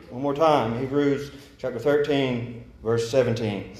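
Halting young preacher in an echoey church. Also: male voice, mid-range voice, darkish tone. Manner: halting, many restarts and fillers; slow measured scripture reading. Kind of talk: sermon. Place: church sanctuary.

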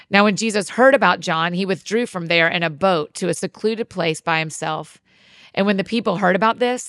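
A woman with a fairly low voice reads scripture aloud in a measured, even tone. The sound is close and dry, with no room around it. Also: no room sound. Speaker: scripture reader. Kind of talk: scripted Bible reading.

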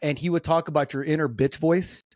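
A man's voice: fairly high pitch, steady tone, fairly quick, a little mellow, no echo, clean studio sound. A man hosting a podcast in casual conversation, laid-back and swearing freely, with lots of fillers. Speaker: podcast host. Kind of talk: casual interview chat.

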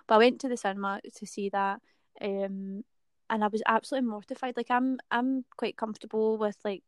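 A woman talks candidly in casual chat and laughs easily. Her voice sits a little high, and it is recorded close with a dry sound. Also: steady tone, a little fast, clean tone, no room sound.

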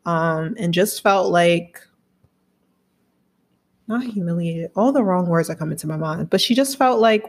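A woman co-hosting a podcast, chatting in a teasing, casual way. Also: on the low side. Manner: chatty, teasing, quick to react. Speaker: podcast co-host. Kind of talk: casual chat.

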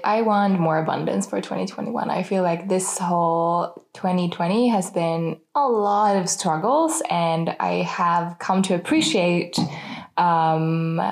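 A woman with a fairly low voice co-hosts a relaxed conversation. She speaks thoughtfully and a little hesitantly, pausing and reworking her sentences as she goes. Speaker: podcast co-host. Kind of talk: casual chat.

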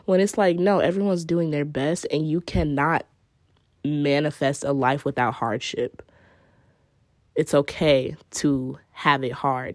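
A woman's voice: deep voice, takes it slowly, darkish tone, no echo, clean studio sound. A woman hosting a casual solo podcast, speaking candidly and reflectively and cursing freely in a slang-heavy drawl. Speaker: podcast host.

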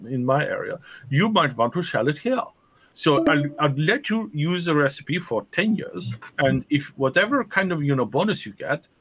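A man putting on a pitchy German cake salesman. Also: fairly bright tone, husky, full character voice. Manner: higher put-on accent that slips toward Irish. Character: smooth-talking German man selling a cake recipe.

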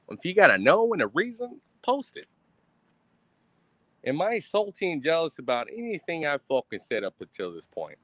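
A man's voice: a little high, fairly bright tone, no room sound. A man ranting defiantly on a live stream, swearing constantly and mocking his critics with sarcasm.

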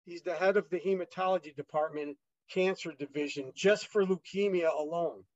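At a normal speed, a fairly high-voiced man appears as a guest, rambling through his story with plenty of fillers and restarts while re-enacting others' dialogue. The sound is close, dull, and lo-fi, without any room echo.

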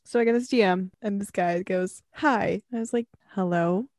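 A young woman from Canada co-hosting a casual podcast chat, swearing a lot and laughing loudly. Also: mid-range voice, normal speed, no echo, clean studio sound. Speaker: podcast co-host.

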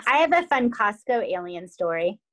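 A middle-aged woman co-hosting a podcast, telling a story in animated casual chat. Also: medium pitch, normal speed, slight background noise. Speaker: podcast co-host.

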